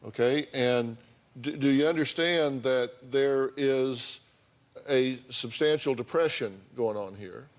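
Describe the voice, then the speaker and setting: A man's voice: medium pitch, takes it slowly. A man, a talk show host counseling a couple bluntly and sarcastically in front of a studio audience.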